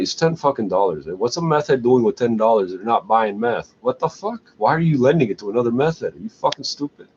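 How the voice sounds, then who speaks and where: A man's voice: mid-range voice, lively intonation, fairly quick, a little mellow. A middle-aged man in a crude, scornful, profane ranting monologue. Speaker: vlogger. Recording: dull lo-fi recording with faint hiss.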